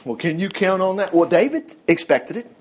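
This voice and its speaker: A man's voice: high-pitched, very animated, normal speed. A man giving a casual Bible study, folksy and digressive, who slips into little acted asides.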